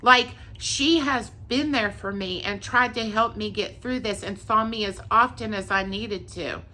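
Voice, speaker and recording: A woman's voice: medium pitch, a little slow, sharp tone. A woman telling an emotional personal testimony, earnest and tearful, repeating herself as she goes. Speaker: vlogger sharing a faith testimony.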